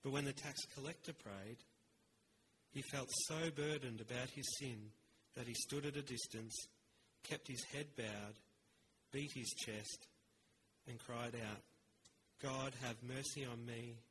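A man preaching a sermon in an earnest, measured way, with rhetorical pauses. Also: medium pitch, fairly bright tone, a little hiss or hum, low-quality recording.

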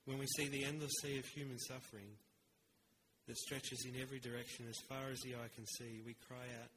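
A man preaching a sermon in an earnest, measured way, with rhetorical pauses. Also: mid-range voice, flat delivery, a bit bright, slight background noise, poor audio.

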